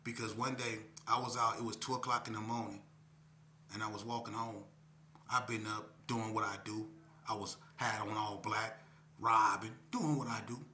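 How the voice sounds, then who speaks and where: A middle-aged man from Las Vegas spins a tense street story with a very bright, sharp edge to his voice. He talks casually and animatedly, jumping into high-pitched shouts when he acts out what people said. The sound carries a roomy echo. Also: fairly even intonation, moderate pace, slight background noise. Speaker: guest telling his life story. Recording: echoey room.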